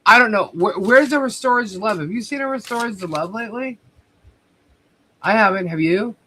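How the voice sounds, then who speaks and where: Forceful woman ranting on a livestream. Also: medium pitch, expressive, moderate pace, slight background noise. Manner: heated, profane, confrontational. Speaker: livestream host. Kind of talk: livestream commentary rant.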